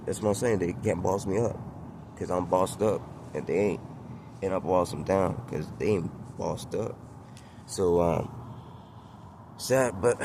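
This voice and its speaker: A man's voice: low voice, noisy background. A man talking casually to his camera outdoors by a condo pool, boastful and full of street slang, chuckling as he goes. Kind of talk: casual vlog monologue.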